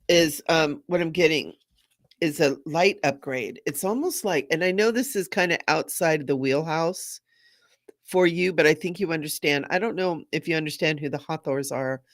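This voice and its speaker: Speaking low and unhurried, a middle-aged woman who works as a spiritual medium hosts a live stream. She gushes to viewers in a bubbly way and laughs a lot.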